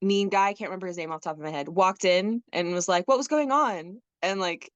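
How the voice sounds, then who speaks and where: A young woman co-hosting a podcast, chatting casually in an animated, rambling way with frequent laughs and fillers. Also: on the low side, a little fast, no room sound, lo-fi sound. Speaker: podcast co-host. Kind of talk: casual chat.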